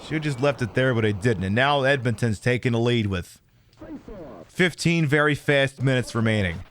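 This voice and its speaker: A man's voice: medium pitch, moderate pace, a little hiss or hum. A man streaming a video game, trash-talking the opponents with lots of swearing. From United States. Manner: trash-talking, profane, excitable. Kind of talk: live gameplay commentary.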